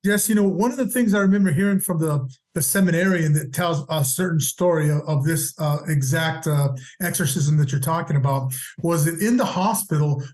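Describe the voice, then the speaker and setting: A man's voice: on the high side, a little mellow, reverberant. A man co-hosting a Catholic radio show, speaking earnestly and reflectively, often repeating words. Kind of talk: casual conversation on Catholic radio.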